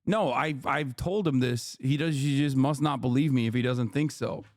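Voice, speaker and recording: A man's voice: mid-range voice, normal speed, no room sound, studio quality. A man hosting a livestream, ranting at his chat in an exasperated, profane way and repeating phrases for emphasis. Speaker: livestream host. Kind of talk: heated unscripted rant to chat.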